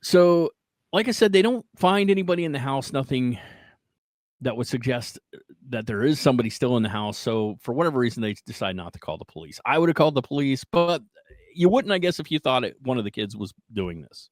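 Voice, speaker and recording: A man hosting a podcast, casually retelling a strange story in an animated way, often checking in with "right?" and "like". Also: medium pitch, brisk, no echo, poor audio. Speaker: podcast host.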